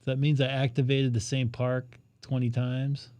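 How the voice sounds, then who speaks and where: A man's voice: medium pitch, little pitch movement, normal speed, darkish tone, dry recording. A man hosting a ham radio live stream, chatting casually and joking while he thinks aloud.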